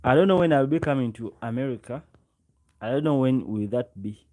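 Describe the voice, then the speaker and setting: A Ugandan livestream host with a mellow, mid-range voice chats a little fast into his own close microphone. He's chatty, greets viewers by name, and repeats himself often.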